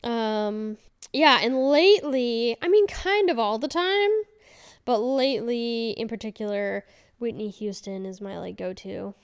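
Her voice sits a little high, clear and resonant, and she speaks unhurriedly. This woman in her thirties runs a solo podcast, rambling in a candid, chatty way full of fillers and self-corrections.

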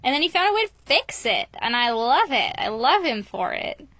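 A woman's voice: high voice, sing-song, moderate pace, fairly bright tone, no echo. A woman in casual podcast chat, enthusiastic and laughing often as she retells scenes. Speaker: podcast co-host.

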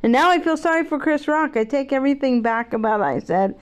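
Middle-aged woman, vlogger, somewhat high-pitched, outspoken, rambling casual talk. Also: expressive, a little fast. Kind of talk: casual monologue.

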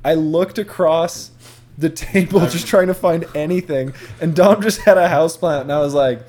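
A man's voice: a little high, normal speed, a little mellow. A young man co-hosting a podcast, chatting casually, rambling and swearing as he jokes. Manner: swears often, rambling and jokey. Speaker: podcast co-host. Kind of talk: casual chat.

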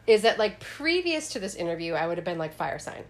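A woman's voice: mid-range voice, big pitch swings, fast talker. A woman co-hosting a podcast in casual chat, talking emphatically and swearing freely. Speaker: podcast co-host.

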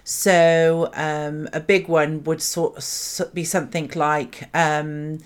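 A woman with a fairly low voice co-hosts a casual faith-based podcast. She talks things through in a thoughtful, measured way. She slips in the odd playful tease. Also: level tone, clean tone. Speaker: podcast co-host.

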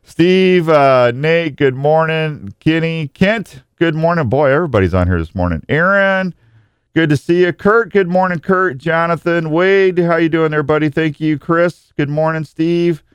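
A man's voice: on the high side, unhurried, smooth, no echo, lo-fi sound. A male radio show host greeting listeners one by one in a jokey, rambling way, often tripping over his words. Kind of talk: live talk show with listener shout-outs.

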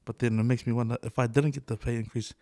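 A man's voice: mid-range voice, fairly even intonation, fast talker, a little mellow, dry recording. A middle-aged man with a New Zealand accent co-hosting a podcast, talking loosely with lots of swearing, laughs and "eh". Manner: loose, swears a lot, laughs often, fillers like "eh" and "bro". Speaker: podcast co-host. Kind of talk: casual chat.

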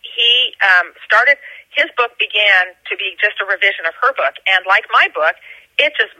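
A woman's voice: medium pitch, expressive, moderate pace, bright, forceful tone, no room sound, rough recording. A woman author being interviewed, telling stories about her research in an enthusiastic, conversational way. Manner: enthusiastic, storytelling. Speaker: author guest. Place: Georgia, USA.

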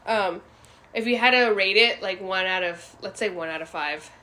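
A woman's voice: mid-range voice, normal speed, pushed and bright. A woman co-hosting a podcast in a casual chat, talking bluntly with plenty of swearing and laughter. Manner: blunt, profane, laughs often. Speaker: podcast co-host.

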